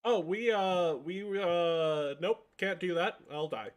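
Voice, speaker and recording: A man's voice: high-pitched, slow. A man voicing a frightened thirteen-year-old girl in a tabletop game. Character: frightened young teenage noble girl.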